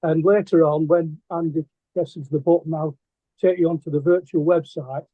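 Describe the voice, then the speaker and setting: A middle-aged man with a Lancashire accent tells his stories in a casual interview, halting often with ums and restarts. His voice sits fairly high. The sound is dry and thin, like a phone line. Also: steady tone, no echo. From England. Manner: hesitant, many ums and restarts. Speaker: guest artist.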